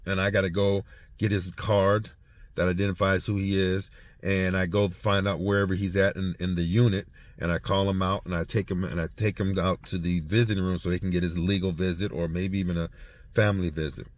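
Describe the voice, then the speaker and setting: Halting, storytelling man, dry sound. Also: low-pitched, level tone, dry recording. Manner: halting, repeats words while storytelling. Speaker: former prison officer. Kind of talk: casual spoken reflection. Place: heading home after treatment.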